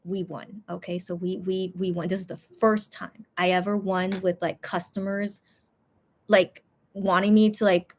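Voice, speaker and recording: A woman hosts a casual livestream, reading fan comments aloud and rambling between them. Her voice sits in a middle pitch and sounds tired, with loose, chatty restarts. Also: little pitch movement, unhurried, darkish tone. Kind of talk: casual chat.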